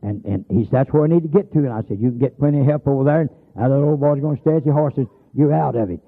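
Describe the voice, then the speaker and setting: Gravelly preacher on lo-fi tape. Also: male voice, mid-range voice, rapid-fire, few pauses. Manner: folksy storytelling, calls out scripture with emphasis. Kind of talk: holiness sermon. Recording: phone-like lo-fi sermon tape.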